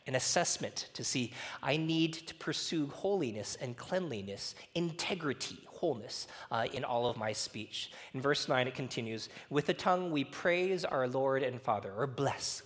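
Man, pastor, conversational sermon, animated storytelling, medium pitch, long hall reverb. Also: measured pace.

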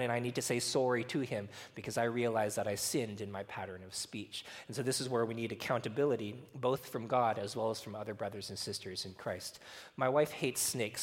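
Male preacher, casual and chatty, mid-pitched, long hall reverb. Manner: chatty, laughing, frequent fillers and "right?". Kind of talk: casual sermon with personal stories.

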